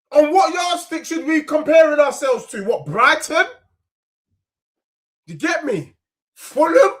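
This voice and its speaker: A young man with a London accent, hosting a football reaction stream and ranting heatedly in slang, repeating his points. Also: very high-pitched. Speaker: football fan channel host.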